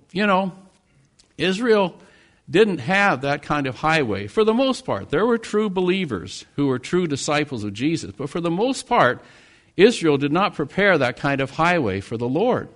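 A man from the United States preaching a sermon, earnest, with rising and falling emphasis. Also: mid-range voice. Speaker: pastor.

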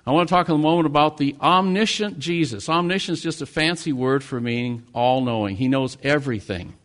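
A man from the United States delivering a sermon in a somewhat high voice. His preaching is earnest, swelling on key words and falling back to quieter, weightier phrases. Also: brisk. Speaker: pastor.

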